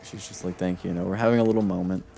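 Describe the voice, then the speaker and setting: A young man on a game stream rambles through a personal story, restarting his sentences and stacking up fillers. His voice sits low with a gravelly fry. A faint hiss of noise runs underneath. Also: steady tone, racing, mellow. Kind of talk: casual storytelling while gaming.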